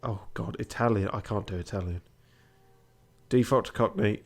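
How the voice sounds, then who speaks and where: A man's voice: on the low side, moderate pace, gravelly, long pauses. A man streaming a charity event, making wry, sweary, self-deprecating asides between story passages. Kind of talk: self-mocking aside while playing a story game.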